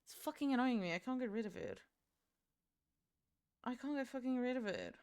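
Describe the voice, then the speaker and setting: A woman's voice: fairly high pitch, wildly swooping pitch, moderate pace, a little mellow, smooth. A young woman from Portugal with a Portuguese accent, chatting casually and swearing freely while she does her makeup on stream. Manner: chatty, swearing, rambling with playful outbursts.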